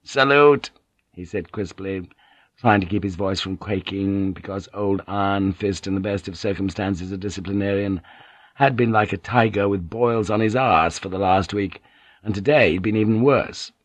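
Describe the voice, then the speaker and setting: Low-voiced man narrating an audiobook. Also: dry recording. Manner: measured, even storytelling. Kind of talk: scripted narration.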